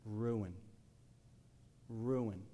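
A man preaching a sermon in a church, lively and conversational, acting out scenes, swinging from shouts to whispers, with many "you know"s. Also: lowish voice, very slow, a little hiss or hum.

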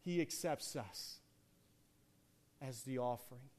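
Slow, dynamic preaching man. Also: mid-range voice. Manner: dynamic, swinging from hushed to loud emphatic. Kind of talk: sermon.

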